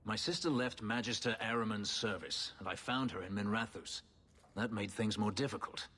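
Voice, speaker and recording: A brooding male elf warrior from a fantasy video game, guarded and grim. His voice is husky yet bright, and it lingers in a long reverb. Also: on the low side, moderate pace.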